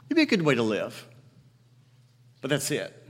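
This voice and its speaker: A man preaching a sermon from the pulpit, emphatic, moving between loud declarations and quiet storytelling. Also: medium pitch, wildly swooping pitch, normal speed. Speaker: pastor. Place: church sanctuary. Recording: long hall reverb.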